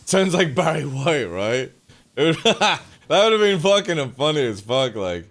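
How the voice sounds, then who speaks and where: A man's voice: fairly high pitch, very animated, unhurried, fairly bright tone. Young guy streaming a game, chatty and sweary, voice bounces all over the place. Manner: profane, joking, talks to chat. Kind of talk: casual live gameplay chat.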